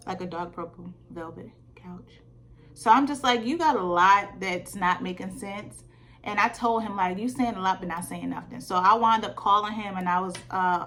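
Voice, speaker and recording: A woman vlogger telling a dating story in a candid, animated way, with lots of fillers. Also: mid-range voice, a little hiss or hum. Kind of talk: casual storytime vlog. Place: Georgia.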